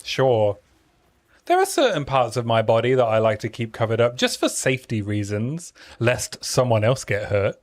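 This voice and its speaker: A man's voice: medium pitch, very animated, normal speed. A man chatting casually while streaming a video game, joking around and trailing off with fillers. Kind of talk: casual gameplay chat.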